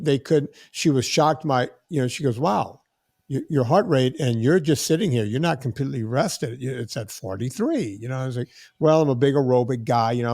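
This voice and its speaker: In a relaxed podcast chat, a man in his sixties spins a lengthy, animated tale and performs the quoted dialogue of its characters. His medium-pitched voice comes through with studio quality and no room sound.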